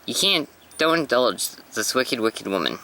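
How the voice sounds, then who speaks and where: A man doing a sultry, dangerous woman from a comic, low and soft, with a bright, forceful edge to the voice. She draws you in as she talks. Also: sing-song, measured pace, heavily acted, rough recording. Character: woman, seductive femme fatale on the run.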